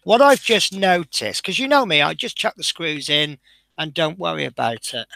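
A man's voice: on the high side, lively intonation, normal speed, vocal fry, pushed and bright, a little hiss or hum. A man hosting a live model-building stream, chatting casually and self-deprecatingly as he talks through each step, sounding tired.

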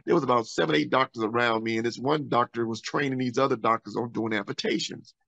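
A man, a pastor and podcast guest, telling his testimony with animated storytelling, acting out the voices of others. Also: medium pitch, fast, gravelly, no echo.

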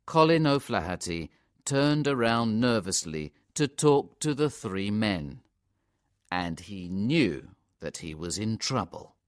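Slow, expressive male story narrator. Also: on the low side, clean tone. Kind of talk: graded reader audiobook narration.

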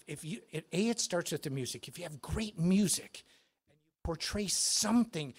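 A man giving a live guitar clinic in a music store, telling stories in an animated, excitable way. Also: a little high.

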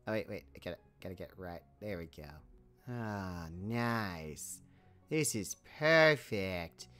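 A woman's voice: rumbling low, animated, slow pace, a bit bright, soft background music. A woman hosting a building video, chatting casually and thinking aloud, with frequent small laughs. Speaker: host.

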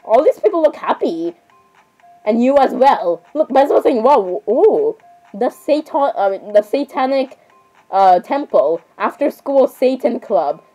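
Young woman cosplaying, rambly bickering banter, kinda high voice, bit of music under it. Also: very animated, mellow, low-quality recording. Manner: rambling, quick back-and-forth banter between characters. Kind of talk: cosplay skit reacting to videos.

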